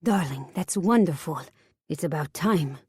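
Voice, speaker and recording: A woman putting on a breathy French friend. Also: sits low, expressive, unhurried, dark tone, no room sound, clean studio sound, heavily acted. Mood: worldly.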